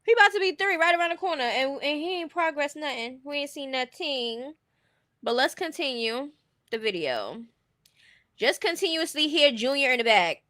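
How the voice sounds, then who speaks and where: A woman's voice: high voice, lively intonation, moderate pace, pushed and bright, dry recording, studio quality. A woman streaming casual commentary, blunt and opinionated, often laughing as she talks.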